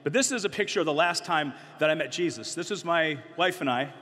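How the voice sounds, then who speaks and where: Middle-aged man telling stories to a youth crowd, slightly high, joking, in a long-reverb hall. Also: a little fast. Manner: animated, joking, conversational, many fillers. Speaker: youth conference speaker. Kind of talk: energetic storytelling talk to a youth audience. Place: large conference hall.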